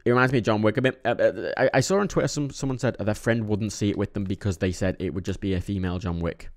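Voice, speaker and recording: Young man, rambling film review vlog, swears a lot, slightly low voice, a bit tired. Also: quick pace. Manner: rambling, swears often, animated bursts. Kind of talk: casual monthly movie review vlog.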